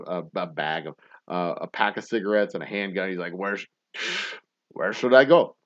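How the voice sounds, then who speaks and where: A man's voice: on the low side, lo-fi sound. A man who owns a distillery and hosts a whiskey show, chatting casually with viewers in a rambling, blunt way, swearing freely and chuckling often. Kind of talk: casual livestream chat answering viewer comments.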